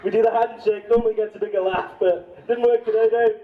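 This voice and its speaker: A man with a Wrexham Welsh accent doing awkward, deadpan stand-up banter on stage. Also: high voice, a little fast. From Wales. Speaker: stand-up comedian. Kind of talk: live stand-up comedy. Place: live comedy stage at a university campus event. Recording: distant, dull, echoey room sound.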